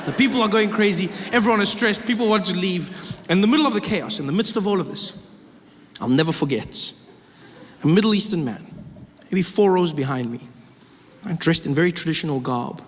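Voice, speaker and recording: Animated stand-up comic in a big hall. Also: male voice, high-pitched, a little fast. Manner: animated, acts out the characters. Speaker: stand-up comedian. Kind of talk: stand-up storytelling. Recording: live hall with audience noise.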